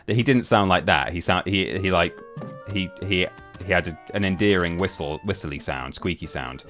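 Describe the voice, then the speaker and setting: Chatty low-voiced man streaming. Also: moderate pace, fairly bright tone, faint music behind. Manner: rambling, chatty, restarts sentences often. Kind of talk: casual live-stream chat while gaming.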